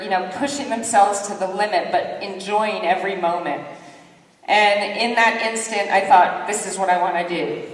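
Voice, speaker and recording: A woman giving a motivational keynote, telling lively, self-deprecating stories and acting out what people said. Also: mid-range voice. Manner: lively, self-deprecating storyteller who acts out quotes. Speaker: keynote speaker. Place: large conference hall. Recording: echoey hall, distant mic.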